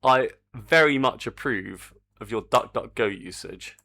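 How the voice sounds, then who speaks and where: A man's voice: medium pitch, measured pace, gravelly, bright, forceful tone. An older man, chatting casually on a live stream while he works on a game, reading the chat aloud and swearing mildly.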